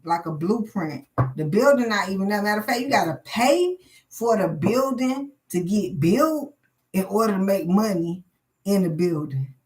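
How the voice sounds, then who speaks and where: A woman's voice: medium pitch, animated, normal speed, darkish tone, rough recording. A woman giving a live tarot reading in a blunt, profane, preachy way. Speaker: tarot reader.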